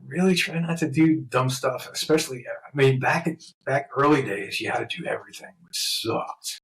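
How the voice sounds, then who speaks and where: A man with a medium-pitched voice and a New York accent speaks at normal speed in a rough recording. A tattoo artist appearing as a guest, he tells stories casually and animatedly, swearing freely and laughing.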